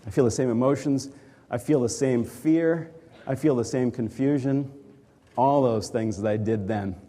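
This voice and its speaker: A man's voice: mid-range voice, normal speed, dark tone. Man telling a story in a reverberant hall. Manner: reflective, conversational storyteller. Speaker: executive coach. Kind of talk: storytelling talk to a live audience.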